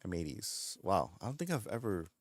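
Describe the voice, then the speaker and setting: A man's voice: low voice, big pitch swings, brisk, slight background noise. A man streaming, chatting casually while gaming, rambling along and laughing often. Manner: rambling, laughs often, does goofy voices in retold scenes.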